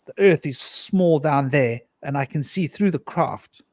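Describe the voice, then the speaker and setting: Intense, higher-voiced man telling a story. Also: measured pace, darkish tone, no echo. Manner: earnest, intense storytelling with frequent restarts and repetitions. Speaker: panelist. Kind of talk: recounting a personal mystical experience in a panel discussion.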